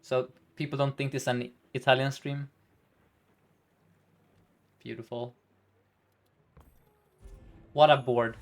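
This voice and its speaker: A man's voice: medium pitch, flat delivery, takes it slowly, gravelly, pauses often. A man streaming a game live, thinking aloud about each move in a chatty way and laughing often.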